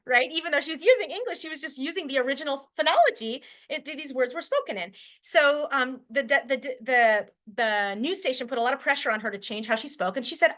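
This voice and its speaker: A woman's voice: high voice, lively intonation, fairly quick, sharp tone. A woman teacher from Washington State giving a conference talk on language in classrooms, chatty and thinking aloud with fillers and restarts. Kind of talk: conference presentation.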